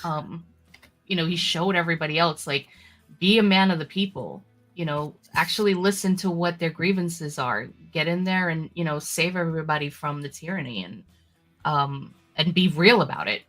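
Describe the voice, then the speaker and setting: A woman's voice: low-pitched, normal speed, fairly bright tone, soft background music. A woman co-hosting a political talk show, chatting casually with lots of "you know" fillers and reading news stories aloud. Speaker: podcast co-host.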